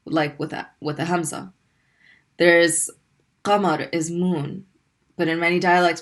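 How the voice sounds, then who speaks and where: A woman's voice: fairly low pitch, fairly even intonation, measured pace, long pauses, fairly bright tone. A woman teaching a recorded Arabic lesson, patiently repeating sounds for learners to practice.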